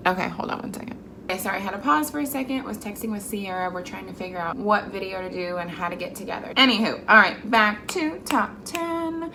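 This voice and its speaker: A young woman of Mexican heritage vlogs to camera, chatty and effusive and full of fillers. Her mid-range voice is fairly quick, creaky, pushed, and bright, with slight background noise.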